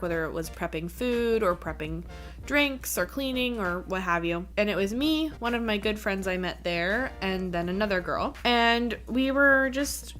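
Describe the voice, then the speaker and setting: A woman's voice: mid-range voice, a bit bright. A woman vlogger telling a casual story, chatty, laughing easily and saying "like" and "you know" a lot.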